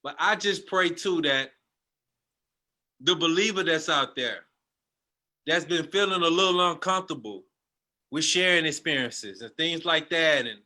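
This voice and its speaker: A man's voice: on the high side, expressive, unhurried, pauses often, pushed and bright. A man telling a passionate personal testimony as a guest, in a storytelling manner.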